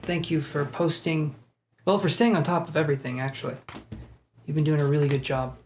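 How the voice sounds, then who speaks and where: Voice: medium pitch, steady tone, brisk, a little hiss or hum. A tarot reader giving live-stream readings in a casual, chatty way, with self-deprecating asides.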